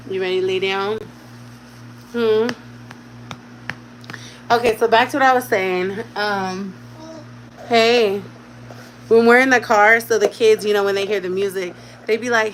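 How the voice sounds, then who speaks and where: A woman's voice: medium pitch, a little hiss or hum, low-quality recording. A woman at home talking in casual vlog chat while caring for a baby, slipping into doting baby talk as she coaxes an infant to speak. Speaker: vlogger.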